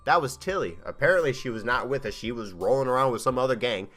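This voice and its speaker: A man in his thirties, a gaming channel host, telling a comic, rambling story of a game playthrough and slipping into quick character voices. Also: medium pitch, expressive, a bit bright, soft background music. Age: 30s.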